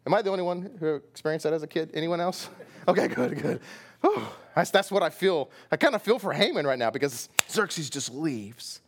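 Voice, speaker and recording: A middle-aged Texan pastor preaches with a lively, swinging voice that climbs and dips as he retells the story. His pitch sits a touch higher than most men's, and he acts out the characters and sound effects with animated energy. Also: a little fast. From Texas. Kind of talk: sermon.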